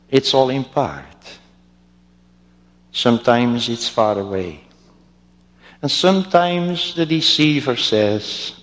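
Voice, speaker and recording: A male pastor preaching a sermon with slow, emphatic delivery and wide swings in pitch. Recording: long reverb of a church hall.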